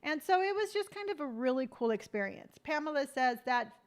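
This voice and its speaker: A middle-aged lifestyle vlogger with a somewhat high, expressive voice hosts a casual live stream at a brisk pace. She tells loose, rambling stories packed with fillers, breaking off to read viewer comments aloud and answer them.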